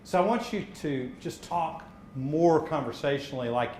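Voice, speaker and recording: A man coaches speakers at a live workshop, brisk and encouraging, with direct feedback. His voice sits a bit high for a man. It echoes around the room over a faint background hiss. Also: animated, darkish tone. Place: seminar room.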